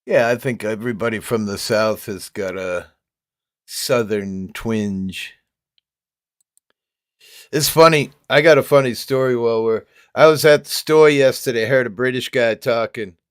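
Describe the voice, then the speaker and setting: A man's voice: mid-range voice, a little slow, clean tone, no echo, clean studio sound. A man with toothless, gummy speech, chatting casually on a livestream, laughing often and reading comments aloud. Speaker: livestream host reading chat.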